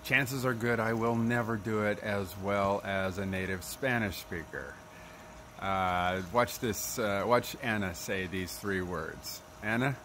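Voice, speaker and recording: A man with a lowish voice walks through pronunciation at an unhurried pace, patiently repeating each sound to demonstrate it. Clear background noise sits under his voice throughout. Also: sharp tone. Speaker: language teacher. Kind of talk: spoken tutorial. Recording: noisy background.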